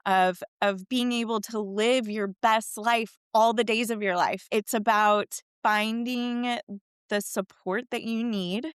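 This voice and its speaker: Middle-aged woman coach telling stories, animated, does little voices, clean dry sound. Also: on the high side, slow pace, smooth, no room sound. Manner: chatty, animated, acts out quoted voices. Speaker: fitness and wellness coach. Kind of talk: casual storytelling interview.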